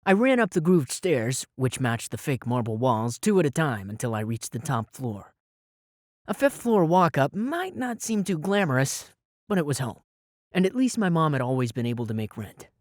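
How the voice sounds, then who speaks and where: A man's voice: mid-range voice, big pitch swings, moderate pace, no echo. A man narrating a first-person audiobook in a wry, sarcastic storytelling manner, on a close studio mic.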